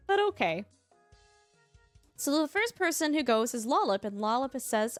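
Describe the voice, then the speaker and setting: A young woman, livestreaming and telling a story casually, animated and laughing often. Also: sits high, moderate pace, no echo, faint music behind. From Canada.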